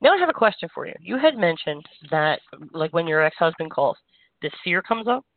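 A woman energy healer hosting a call-in show, giving gentle, reassuring spiritual guidance in a meandering way. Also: fairly low pitch, big pitch swings, brisk, dry recording. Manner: gentle, reassuring, meandering with frequent "you know". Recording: dry, tinny phone-line sound.

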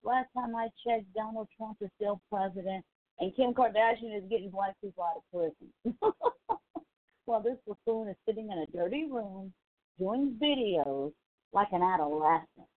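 A woman's voice: mid-range voice, normal speed, dry recording. A woman giving casual commentary in a sassy, mocking way. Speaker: commentary vlogger. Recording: tinny phone-like sound.

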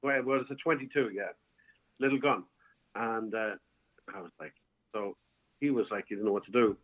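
A man's voice: lowish voice, fairly even intonation, moderate pace. A man, a bar owner, telling a long rambling story as a guest, with many restarts and fillers. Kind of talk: casual storytelling. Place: home, calling in by phone. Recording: tinny phone line.

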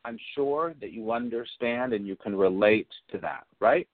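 A man giving a reflective spiritual teaching talk, speaking deliberately and repeating phrases for emphasis. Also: fairly low pitch, no room sound. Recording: narrow phone-like sound, dry.

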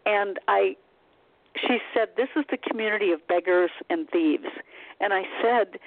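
A woman's voice: on the low side, no echo. Woman telling a story over a tinny phone line. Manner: recounts with quoted dialogue, frequent fillers. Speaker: psychic medium guest. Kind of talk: personal storytelling.

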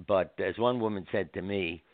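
An older man speaks as a doctor and guest, with a low voice. His stories unfold gently and he slips into the voices of the people he quotes. The sound is a dry, tinny phone line. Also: normal speed, dry recording. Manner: gentle, anecdotal, acts out quotes. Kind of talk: storytelling interview.

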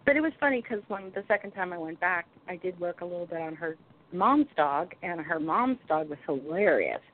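A woman in her sixties, a guest healer telling a story in a casual, animated way, acting out the people she talks about. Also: lowish voice, a little fast. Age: 60s. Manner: animated, acts out the other people's voices in her anecdotes. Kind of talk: casual storytelling on a call-in show. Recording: phone line with faint noise.

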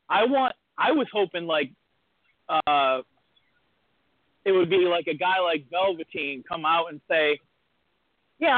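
A man with a high voice co-hosts a podcast, telling a rambling story in casual chat and acting out the voices of the people in it. The line sounds tinny and phone-like, and the recording is dry with no echo.

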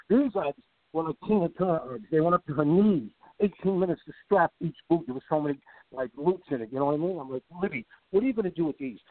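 A middle-aged man with a somewhat high voice rambles through a long story, repeating himself and hopping between asides. He comes through a thin, tinny phone-like line. The sound is dry and close. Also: no room sound. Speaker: guest. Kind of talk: casual storytelling.

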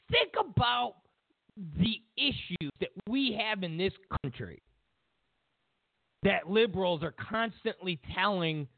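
A man's voice: high voice, creaky, dry recording. Sarcastic ranting man on a tinny line. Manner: sarcastic, mocking, repetitive jabs. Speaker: political commentary host. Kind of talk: ranting political commentary. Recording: tinny phone-like line, dry.

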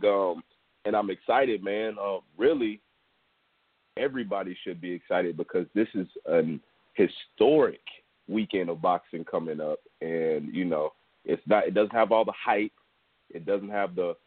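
A man in his thirties from Houston, Texas, co-hosting a podcast and telling a story in a relaxed, rambling way full of fillers. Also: low-pitched, dry recording. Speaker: podcast co-host. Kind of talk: casual storytelling chat. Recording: dry, tinny phone line.

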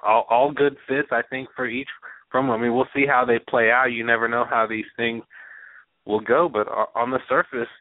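A man's voice: mid-range voice, moderate pace, no room sound, phone-quality sound. Casual male guest on a sports call, dry phone-thin sound, easygoing, restarts phrases. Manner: relaxed, repeats words while thinking. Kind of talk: casual podcast chat.

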